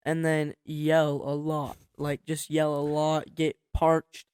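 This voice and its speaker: A young man co-hosting a podcast, laid-back, giving short replies and quick jokes in casual chat. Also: fairly high pitch, completely flat delivery, a little mellow, clear, resonant tone, no echo, studio quality. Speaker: podcast co-host.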